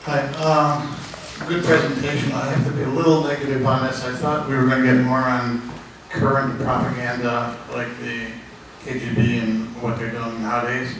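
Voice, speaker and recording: A man's voice: medium pitch, level tone, normal speed, background noise. A man from the audience asking a lecturer questions, blunt and a little hesitant. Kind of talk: Q&A question from the floor. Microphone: room mic far from the speaker. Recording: distant, very echoey hall pickup.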